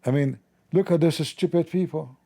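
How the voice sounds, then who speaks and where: A middle-aged man hosts a livestream and fires back at his chat with mockery and open challenges. His voice is gravelly, sits a bit high for a man, and has a dark tone. His English is non-native, with loose grammar. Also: normal speed. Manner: mocking, sarcastic, confrontational. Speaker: livestream host. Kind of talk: combative livestream commentary answering chat.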